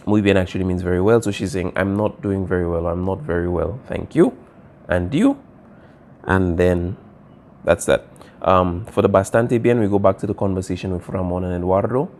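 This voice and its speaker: A man's voice: on the low side, darkish tone. A man teaching a Spanish lesson, patiently explaining phrases and often checking in with "okay" and "all right". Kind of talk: recorded classroom lesson, writing on a board.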